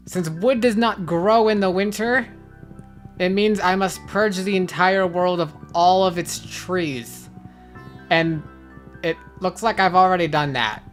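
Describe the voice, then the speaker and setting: A woman's voice: lowish voice, a bit bright. A woman streaming a game, chatting casually with viewers in a rambling, self-mocking way. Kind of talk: casual gaming stream chat.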